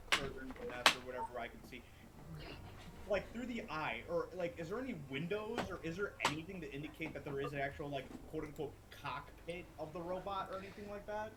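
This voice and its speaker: A man's voice: fairly high pitch, lively intonation, fast talker, heavy background noise. A man playing a tabletop role-playing game, thinking aloud in a rambling way and swearing casually. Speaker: player.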